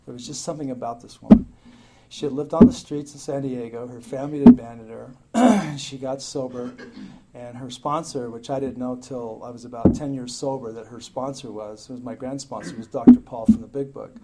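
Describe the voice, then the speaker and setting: A man's voice: mid-range voice, fairly even intonation, brisk, very noisy. A man telling his story at a recovery meeting in a rambling, joking, profane way. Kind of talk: casual storytelling talk. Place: meeting room with a crowd. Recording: live meeting talk with audience laughter.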